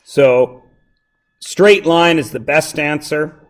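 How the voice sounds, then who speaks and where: A man's voice: on the high side, slow. A man teaching a math review lesson to a classroom, joking and going off on tangents while checking that his students follow.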